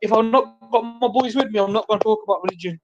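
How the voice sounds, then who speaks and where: A man with a light, high voice, chatting eagerly on an online panel and asking for advice. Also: fast, dry recording, faint music behind. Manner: excitable, keeps asking for advice. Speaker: panel participant. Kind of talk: casual online chat. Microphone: online voice chat. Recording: dry, slightly dull online audio.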